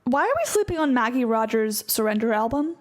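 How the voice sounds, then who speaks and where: A woman co-hosting a podcast in casual chat, talking quickly with lots of "like" fillers. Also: a little high, very animated. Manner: chatty, frequent "like" fillers. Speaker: podcast co-host.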